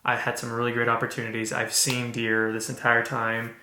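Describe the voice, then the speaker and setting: A man hosting a podcast, telling a personal story in an earnest, halting way with many restarts. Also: medium pitch, monotone, pushed and bright, reverberant, a little hiss or hum. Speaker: podcast host. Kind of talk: casual storytelling.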